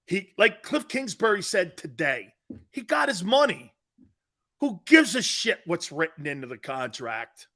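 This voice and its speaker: A middle-aged man hosting a sports talk show, ranting and bantering loudly in a casual way. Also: high-pitched, measured pace. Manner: loud, animated, bantering rants.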